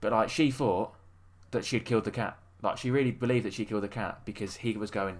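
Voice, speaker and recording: Fast-talking man telling stories. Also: lowish voice, fairly even intonation. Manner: rambling storyteller, many fillers. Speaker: podcast co-host. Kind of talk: casual chat.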